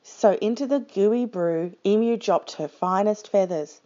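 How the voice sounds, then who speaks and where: A woman reading a children's picture book aloud with slow, expressive storytime delivery. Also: medium pitch, muffled recording.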